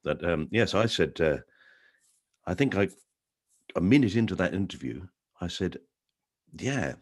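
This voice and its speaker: A man's voice: sits low, animated, normal speed. An older man hosting a podcast, telling wry, amused anecdotes in a casual conversation over a video call. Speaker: podcast host.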